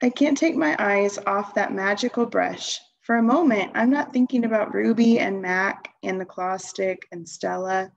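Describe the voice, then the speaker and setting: A woman reading a children's novel aloud in a calm, even storytelling voice. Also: mid-range voice, normal speed, creaky, few pauses, highs cut off. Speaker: reader.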